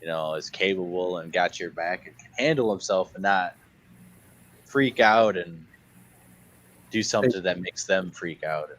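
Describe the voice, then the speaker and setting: A man with a very deep voice, talking in a relaxed, musing way on a live stream. He lays out his ideas at length and without hurry. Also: measured pace, long pauses. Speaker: co-host of a live paranormal show. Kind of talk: casual live-stream chat.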